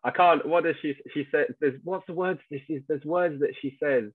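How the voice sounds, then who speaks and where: A man's voice: a little high, moderate pace, breathy edge, dry recording. British male interviewer, chatty, easy laugh, thin phone-like sound. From Britain. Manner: chatty, laughing easily, stumbling restarts. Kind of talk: casual press interview. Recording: tinny phone-like line.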